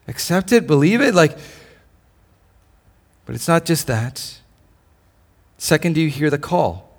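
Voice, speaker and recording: Impassioned male preacher, higher voice. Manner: impassioned preaching with repeated questions and stammered restarts. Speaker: pastor. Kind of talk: sermon. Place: church service.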